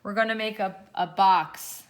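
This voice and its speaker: A woman teaching a children's drawing lesson, gently talking through each step as she draws. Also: mid-range voice, unhurried. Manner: gentle, encouraging, talks while drawing. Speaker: art teacher.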